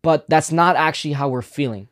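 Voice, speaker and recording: A man's voice: a little high, fairly bright tone. A young man co-hosting a casual faith podcast, speaking earnestly and reflectively. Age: young adult. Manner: earnest, reflective, quick to affirm. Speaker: podcast co-host.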